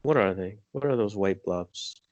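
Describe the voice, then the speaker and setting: A man's voice: lowish voice, normal speed, darkish tone, no echo, highs cut off. A man guiding a hypnosis session, giving directions, counting to three and repeating his commands. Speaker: hypnotist and energy healer.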